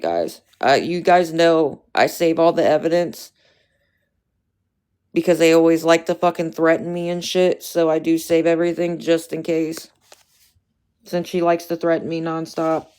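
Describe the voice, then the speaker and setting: A young woman on a livestream, casually venting to her chat in a fairly low voice. She swears freely and talks loosely and off the cuff. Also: steady tone, normal speed, darkish tone, smooth.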